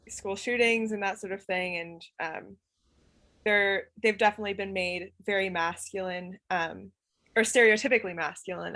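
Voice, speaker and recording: A young woman talking as a podcast guest, casual and hesitant, with many pauses. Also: medium pitch, a bit bright. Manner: hesitant, lots of fillers and restarts. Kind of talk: casual chat.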